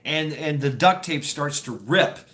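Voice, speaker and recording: A livestream host in no hurry shares rambling stories with his viewers, punctuated by laughs and swearing. His voice is a little high, expressive, and slightly bright.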